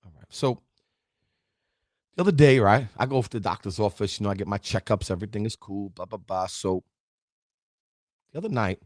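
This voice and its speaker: A man's voice: lowish voice, fairly quick, pauses often, no room sound, clean studio sound. A middle-aged man hosting a live motivational stream, talking straight to his viewers and the chat. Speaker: host of a live positivity show.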